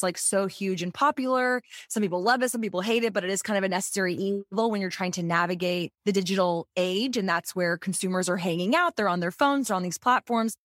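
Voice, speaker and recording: A woman's voice: mid-range voice, dry recording, clean studio sound. A woman in her thirties hosting a podcast, chatting casually and sharing her own background before asking a question. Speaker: podcast host. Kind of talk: casual interview chat.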